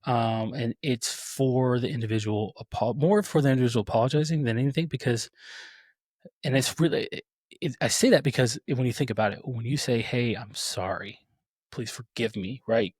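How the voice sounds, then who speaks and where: A man's voice: medium pitch, a little fast, darkish tone, husky, no room sound, studio quality. A man in his thirties, a podcast host telling a personal story in an earnest, reflective way with many restarts. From Texas. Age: 30s.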